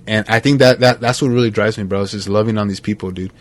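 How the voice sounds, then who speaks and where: A man hosting a podcast, talking in a casual, heartfelt and animated way, dropping "man" and "bro" constantly. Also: lowish voice, fast. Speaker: podcast host.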